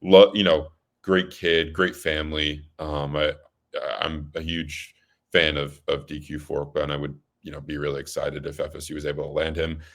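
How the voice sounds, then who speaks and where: A man's voice: rumbling low, flat delivery, normal speed, a bit bright. A young man co-hosting a sports recruiting podcast, chatting casually with many fillers and restarts. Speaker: co-host.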